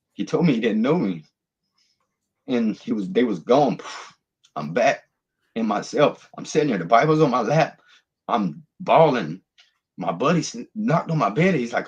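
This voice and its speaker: A man, earnestly telling his personal testimony as a guest, rambling through the story with restarts. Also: medium pitch.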